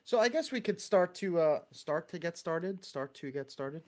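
Rambling Long Island man, fairly high voice. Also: lively intonation, moderate pace. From Long Island, New York. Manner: rambling, many fillers and restarts. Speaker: speaker at a church group meeting. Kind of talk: casual talk to a group.

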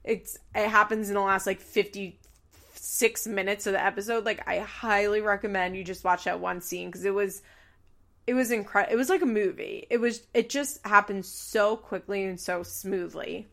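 A woman hosting a podcast, recapping a reality show in casual, animated chat with laughs and swearing. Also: mid-range voice, normal speed, vocal fry.

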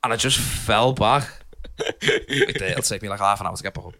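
A man's voice: on the low side, normal speed, creaky, bright, forceful tone. Laughing young man telling stories. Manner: rambling, laughing storyteller with many fillers. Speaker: podcast co-host. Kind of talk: casual storytelling chat.

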